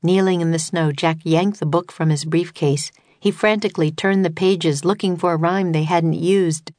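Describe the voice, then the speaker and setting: A woman reading a children's storybook as an audiobook, in calm, even narration. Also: on the low side, normal speed, dry recording. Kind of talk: scripted narration.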